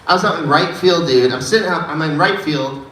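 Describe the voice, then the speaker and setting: A man's voice: a little high, fairly quick, bright, forceful tone. A man doing a stand-up set at an open mic, telling stories in a laid-back way with frequent "dude" asides. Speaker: stand-up comedian. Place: dive bar comedy room. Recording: echoey bar room, distant mic, faint noise.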